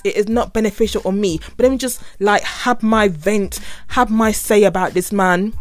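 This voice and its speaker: A woman hosting a podcast, venting in a casual monologue with sarcastic, exasperated remarks and repeated phrases. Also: a little high. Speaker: podcast host.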